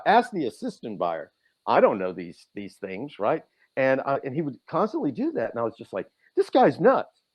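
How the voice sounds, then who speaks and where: Animated man telling stories. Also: dull audio. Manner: animated, acts out quotes with big swings in pitch. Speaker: podcast guest, author. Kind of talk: casual storytelling.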